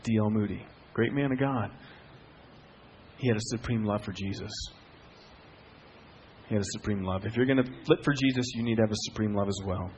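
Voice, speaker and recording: A middle-aged man preaching a sermon as a pastor, telling stories with swings from hushed to loud. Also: lowish voice, brisk, long pauses, slight background noise.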